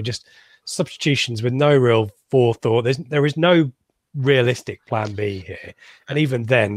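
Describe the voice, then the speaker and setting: A man's voice: medium pitch, no room sound. Dry, sarcastic male football pundit. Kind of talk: casual radio chat.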